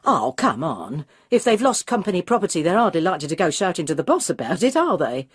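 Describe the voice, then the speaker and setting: A young receptionist on the phone, dismissive just short of rude, played by a woman reading the story. Her husky voice rises and falls a lot. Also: on the low side, sing-song, fast talker. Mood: insolent. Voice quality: insolent, dismissive. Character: insolent young female office receptionist.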